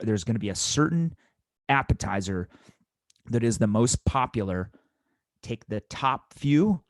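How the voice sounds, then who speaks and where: A man's voice: mid-range voice, a little mellow, no echo. A man teaching restaurant servers in an instructional talk, coaching them through the math step by step and repeating key points for emphasis.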